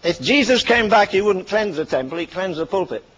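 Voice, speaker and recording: A man's voice: sits high, lively intonation, brisk, a bit bright, slightly rough, poor audio. An older man preaching a fervent sermon, firing punchy rhetorical questions and dropping dry asides between warnings.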